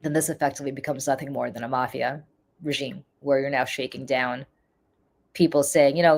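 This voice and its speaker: A woman's voice: rumbling low, steady tone, fairly quick. A woman with a congested voice, giving casual live-stream political commentary and chatting with viewers, with frequent ums.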